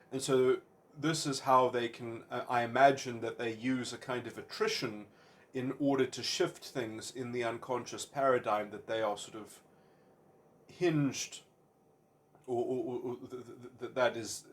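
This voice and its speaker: Halting man musing aloud. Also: medium pitch. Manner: halting, searching for words, many fillers and repeated starts; abstract, wordy phrasing. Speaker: commentator. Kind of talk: unscripted philosophical monologue.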